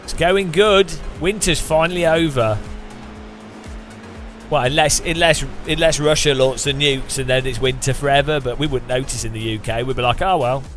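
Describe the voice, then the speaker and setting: A British streamer chatting casually while sim racing, rambling and joking with lots of restarts. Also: male voice, mid-range voice, normal speed, fairly bright tone, soft background music. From United Kingdom. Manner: rambling and jokey, with frequent restarts.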